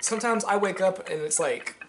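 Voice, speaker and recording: A man's voice: high-pitched, normal speed, background noise. A young man from Georgia in the US, rambling casually and profanely as he comments on a game he is playing, on a headset mic. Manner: rambling, profane, many fillers. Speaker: let's play host.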